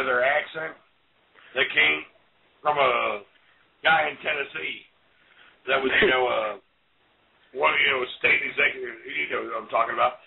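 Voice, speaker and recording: A man's voice: mid-range voice, steady tone, moderate pace, vocal fry, pauses often. A man from Florida hosting a talk show, joking bluntly and swearing in casual chat. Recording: tinny phone-like line.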